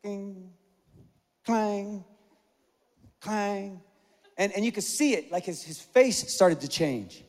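A middle-aged man preaching a sermon, animated and conversational, with self-deprecating humor. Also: high voice, normal speed, few pauses, long reverb tail. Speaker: pastor.

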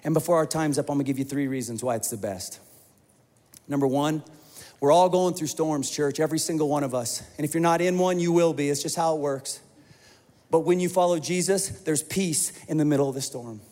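A man preaching a sermon as pastor, an animated storyteller who acts out the quoted voices. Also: on the high side, fairly quick. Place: church hall. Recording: long hall reverb.

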